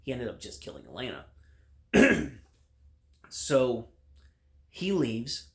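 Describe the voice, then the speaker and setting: A man's voice: medium pitch, big pitch swings, slow, creaky. A man giving a casual spoken review of a TV episode, retelling the plot with frequent fillers and restarts.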